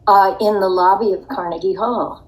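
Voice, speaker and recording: A woman's voice: medium pitch, fairly even intonation, moderate pace, rough recording. An older woman telling a personal story in a podcast interview, in a reflective, wry way. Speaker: interview guest.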